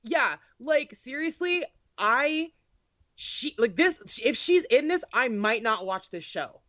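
A woman chats casually, talkative and sarcastic, packing her speech with fillers. Her fairly high voice swings widely in pitch, slow, pushed and bright, on a dull, dry lo-fi recording without room sound.

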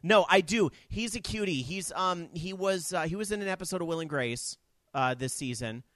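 A man in casual chat, exclamatory and lively, swearing freely. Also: high voice, normal speed, no echo.

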